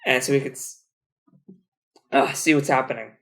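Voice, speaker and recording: A man's voice: mid-range voice, steady tone, normal speed, gravelly, fairly bright tone. A young man co-hosting a podcast, rambling through a book recap in a casual, joking chat with a lot of swearing. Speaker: podcast co-host.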